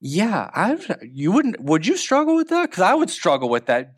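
A man preaching a sermon, telling a story with animated delivery and acting out the lines of the people in it. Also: fairly high pitch, fast talker, few pauses. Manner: animated storytelling, acts out quotes. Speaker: pastor.

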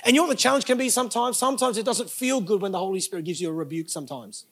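A man's voice: high-pitched, racing, fairly bright tone, breathy edge. A man, preaching a sermon as pastor with emphatic bursts and joking asides to the congregation.

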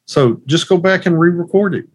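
A man co-hosting a casual film podcast, hesitant with many fillers, trailing off quietly. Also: a little high, brisk, breathy edge, no room sound. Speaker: podcast co-host. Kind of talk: casual chat.

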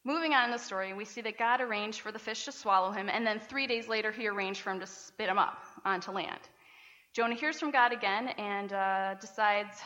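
A woman pastor preaching a lively sermon, often laughing and acting out the people she quotes. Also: a little high, normal speed. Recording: dull sound with long hall reverb.

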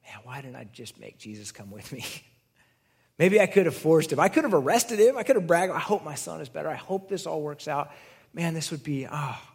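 A man's voice: a little high, animated, moderate pace, vocal fry, darkish tone, slightly rough, heavily acted. A man doing a worried Roman official. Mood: fretting. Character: anxious, hopeful Roman official, a father.

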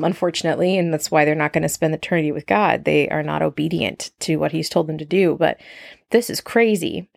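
Woman Bible study teacher, lower voice, reads verses then chats about them with lots of "like", dry close sound. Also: creaky, no echo. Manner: reads scripture aloud, then comments with enthusiasm; chatty, frequent "like" and laughs.

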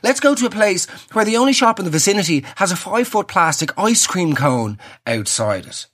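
A man's voice: sits high, big pitch swings, a little fast, fairly bright tone. Irish male podcast host in his thirties, raised voice, sarcastic comic rants. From Ireland. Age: 30s. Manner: sarcastic, ranting storyteller.

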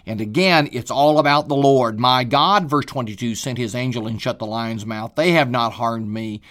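A man's voice: medium pitch, moderate pace, fairly bright tone. An older man, a preacher, giving an earnest daily Bible reading talk and stressing key phrases.

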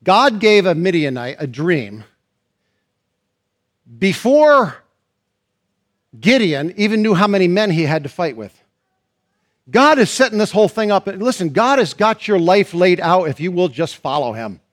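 Brief: high-pitched male pastor, preaching style, builds and stretches key lines. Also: very animated. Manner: preaching with rising emphasis, drawn-out stressed phrases. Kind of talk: sermon.

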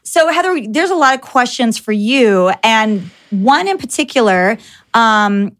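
A young adult woman hosting a podcast, telling anecdotes in an animated, filler-heavy casual chat. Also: a little high, a little slow. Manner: animated storyteller with many "like" fillers. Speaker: podcast host.

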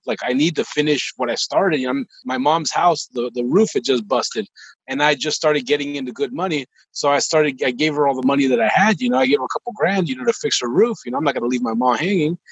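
A man's voice: medium pitch, no room sound, muffled recording. A young man from the United States casually telling stories from his life as a chef, acting out quotes, with lots of "like" and "dude". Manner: laid-back, animated retelling with quoted dialogue, lots of "like" and "dude". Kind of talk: casual storytelling.

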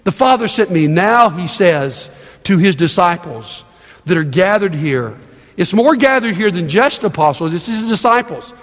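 A man's voice: sits high, expressive, unhurried, in a large hall. A man preaching a sermon as pastor, conversational and emphatic, repeating himself for stress.

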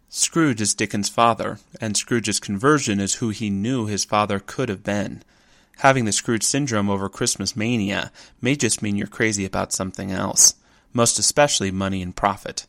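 Low-voiced man in reflective talk. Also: moderate pace, gravelly, fairly bright tone, no echo. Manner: contemplative, rhetorical questions. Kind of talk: reflective spoken essay.

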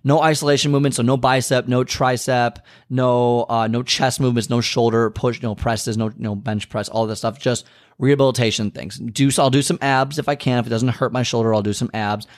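A young man talks straight into the mic in a casual podcast monologue, frank and animated as he vents, often restarting his sentences. His voice sits at an ordinary middle pitch. The recording is close and dry, with no room sound around him. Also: a little fast, no room sound. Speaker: podcast host.

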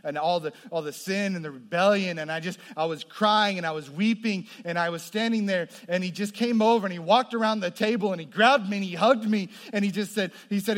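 A man preaching a testimony sermon, moving between hushed storytelling and loud, impassioned passages. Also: sits high, normal speed, hardly any pauses. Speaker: pastor. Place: large hall with audience. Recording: long hall reverb.

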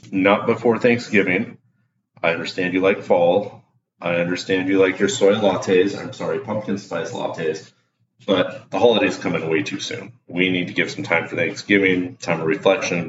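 A man with a very low voice talks in an excited, rambling, self-deprecating way as he hosts his own podcast. The recording sounds dull and echoey. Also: a little hiss or hum. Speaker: podcast host. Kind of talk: casual solo podcast talk.

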